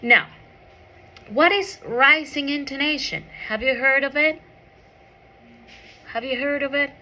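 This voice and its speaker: A woman's voice: sits high, measured pace, bright, forceful tone. A woman teaching an English pronunciation micro lesson, asking the class questions and checking in with "okay?" after each point.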